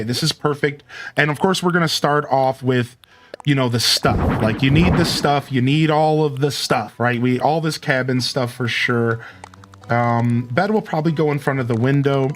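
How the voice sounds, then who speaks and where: A man streaming a cozy building game, chatty and upbeat as he thinks aloud about his choices. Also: mid-range voice. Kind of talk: let's play commentary.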